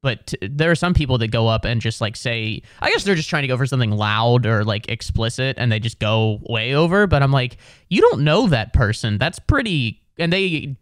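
A man's voice: medium pitch, lively intonation, a little fast, hardly any pauses, clear, resonant tone, no echo, studio quality. A male comedian and podcast host from the Midwest, talking in an easygoing, self-deprecating way. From American Midwest. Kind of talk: casual chat.

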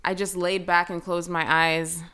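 A young woman telling a personal story as a guest in a casual chat, full of fillers and lively retelling. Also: lowish voice, a little slow, clean tone. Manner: chatty, filler-heavy, animated retelling.

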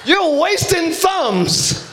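A man preaching an energetic live sermon as pastor, shouting and hyped, calling on the congregation to respond. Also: very high-pitched, extremely slow, a crowd in the background, background noise. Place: large church sanctuary with congregation.

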